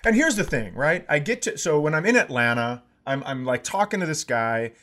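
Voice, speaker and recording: Animated, swearing comedian in his fifties. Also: fairly high pitch, brisk. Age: 50s. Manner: animated, swears a lot, bursts into shouting. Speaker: podcast co-host. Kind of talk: comedic storytelling.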